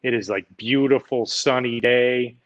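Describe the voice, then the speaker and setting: A man in his forties, a podcast guest, telling relaxed, rambling stories with lots of fillers. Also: mid-range voice, a little slow, muffled recording. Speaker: podcast guest, former pitcher. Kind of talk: casual storytelling chat.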